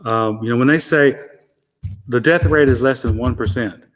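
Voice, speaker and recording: A man from Arkansas with a softened Southern accent, a guest explaining things in a measured way with dry wit. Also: mid-range voice, long reverb tail. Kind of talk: interview answers.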